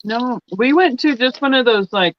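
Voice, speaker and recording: A woman's voice: on the high side, moderate pace, lo-fi sound, slight background noise. A woman chatting casually on a live stream, rambling and trailing off mid-sentence. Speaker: regular viewer on the stream.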